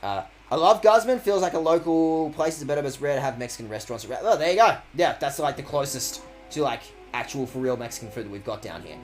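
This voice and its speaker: A man's voice: mid-range voice, lively intonation, fast talker, few pauses, faint music behind. A man casually commentating his game stream in a playful, rambling way, swearing freely. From Australia.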